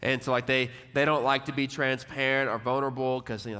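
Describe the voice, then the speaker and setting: A young man from Texas, giving a casual, conversational sermon to a college ministry. He leans on lots of fillers and repeated words, and drops lower and quieter when quoting people. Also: flat delivery, fairly quick, clear, resonant tone. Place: church or ministry hall. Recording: long hall reverb.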